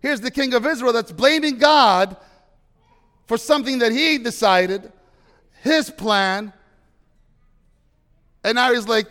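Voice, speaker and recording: A man preaching a sermon, telling stories animatedly, with loud bursts of emphasis and quiet asides. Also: very high voice, lively intonation, takes it slowly, long pauses. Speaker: pastor. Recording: long hall reverb.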